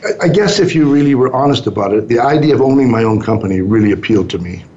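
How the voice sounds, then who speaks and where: A business owner in his sixties answers interview questions with stories, speaking rapid-fire in a warm, animated, medium-pitched voice. He's easygoing and acts out the lines he quotes. The recording sounds dull and muffled.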